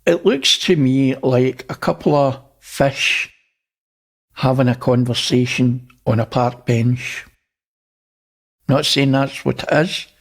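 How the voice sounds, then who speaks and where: Slow, gravelly-voiced man. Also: medium pitch. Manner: unhurried, pointing things out. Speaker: host. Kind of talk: casual narration over images.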